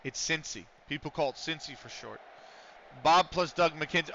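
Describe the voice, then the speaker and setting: Chatty man streaming, bright tone. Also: on the high side, moderate pace, dull audio, slight background noise. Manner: rambling, chatty, swears casually. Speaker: streamer playing a football management game. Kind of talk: casual livestream chat with commentary.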